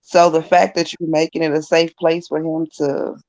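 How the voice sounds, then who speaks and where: A woman's voice: low voice, level tone, moderate pace, darkish tone, no echo. A woman in casual chat, telling stories in a matter-of-fact way.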